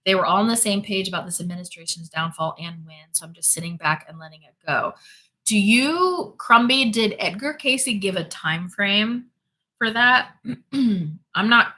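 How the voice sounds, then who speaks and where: A woman hosts a spirituality livestream, chatting casually and reading out viewer comments. She is emphatic and prone to repeating herself, with a medium-pitched voice and a sharp tone.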